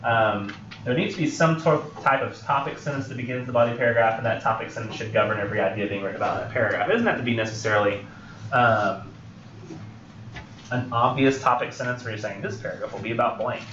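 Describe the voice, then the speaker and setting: A young male college instructor with a medium-pitched, slightly bright voice lectures in a spacious classroom. He rambles a bit, uses lots of fillers, and breaks into quick impressions of film characters to act out scenes. The lo-fi recording is dull, with faint room noise.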